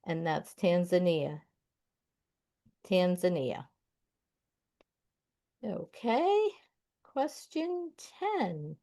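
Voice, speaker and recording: A woman hosting a library trivia night, reading out questions and their answers in a deliberate way. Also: fairly low pitch, expressive, mellow. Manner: slow, deliberate, announces each question number. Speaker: trivia quiz host. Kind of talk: reading quiz answers aloud.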